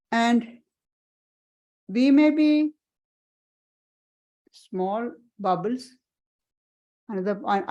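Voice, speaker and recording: A woman monastic teacher giving a spiritual parlour talk, earnest and halting, often repeating and restarting her phrases. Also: mid-range voice, mellow, rough recording.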